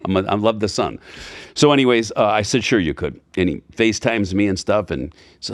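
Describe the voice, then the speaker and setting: A man in his fifties with a very deep, low-pitched voice tells stories in a relaxed chat. He slips in and out of the lines of the people he quotes, with asides and restarts. The recording is dry and close, with almost no room sound. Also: fast, dry recording. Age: 50s. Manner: storytelling, acting out quoted dialogue. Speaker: podcast guest. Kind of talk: casual conversation. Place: Florida.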